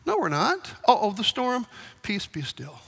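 A calm, offhand Jesus answers lightly and without alarm, as a preacher puts him on. His bright voice carries a long hall echo. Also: sits high, unhurried, creaky, breathy edge, heavily acted. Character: calm, unbothered Jesus just woken.

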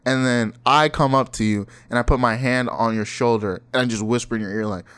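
A man's voice: medium pitch, fairly even intonation, brisk, fairly bright tone, clear, resonant tone. A man in his twenties chatting casually, telling stories in a laid-back way, swearing freely and laughing often. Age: 20s. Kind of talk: casual chat.

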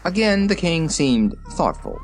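Man, storybook narrator, lively pitch, expressive, faint music behind. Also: a little slow, low-quality recording. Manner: expressive reading with character voices. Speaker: audiobook reader.

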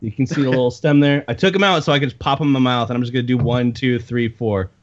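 A man chatting casually on a podcast, exclaiming and counting out loud. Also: medium pitch, quick pace. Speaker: podcast co-host. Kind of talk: casual chat. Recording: dull lo-fi sound.

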